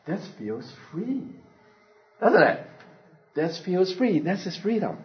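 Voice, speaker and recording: A man voicing a small baby eagle that tries out loud to learn to fly, in a dull lo-fi recording. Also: high-pitched, animated, a little slow, pitched above the performer's own voice. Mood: eager. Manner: eager, trying things out loud.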